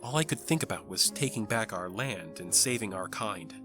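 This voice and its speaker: A man's voice: on the low side, expressive, moderate pace, over music, close to an everyday voice. A man voicing a young king who speaks in a formal, earnest way in a fan audio drama. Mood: pensive. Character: young conquering king pondering family.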